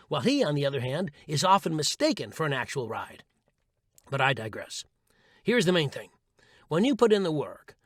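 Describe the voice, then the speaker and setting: A man's voice: fairly high pitch, a bit bright, dry recording, clean studio sound. A man reading his own essay aloud in a wry, sarcastic, playful way, as an audiobook narrator and voice coach.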